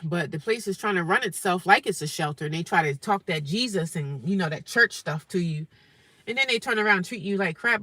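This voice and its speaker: Bright, emphatic woman talking in her car. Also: lowish voice, fairly quick, no echo. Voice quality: emphatic, talkative, calls listeners honey. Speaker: vlogger living in her car. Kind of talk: casual vlog chat to viewers. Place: inside a parked car at night.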